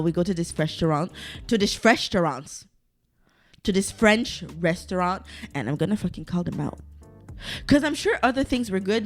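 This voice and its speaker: A young adult woman hosting her own podcast, ranting casually with lots of swearing and side tangents. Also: mid-range voice. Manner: swears a lot, ranty and digressive; exasperated, exaggerated complaining. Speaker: podcast host. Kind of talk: casual solo podcast rant.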